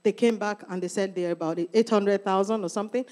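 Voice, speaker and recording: A woman's voice: medium pitch, steady tone, a little fast, a little mellow. A middle-aged woman pastor preaching a sermon, emphatic and calling out to members of the congregation. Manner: emphatic, calls out to the congregation by name.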